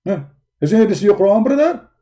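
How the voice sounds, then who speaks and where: Sarcastic, dark-voiced male call-in host. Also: high-pitched, sing-song, brisk. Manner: sarcastic, teasing, sing-song mockery. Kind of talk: mocking call-in chat.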